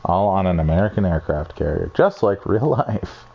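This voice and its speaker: In this lo-fi screen-recorded walkthrough, a young gamer shows off his builds in a deep, creaky, slightly rough voice. He's animated and talks at a moderate pace, rambling, cursing openly, and knocking his own creations.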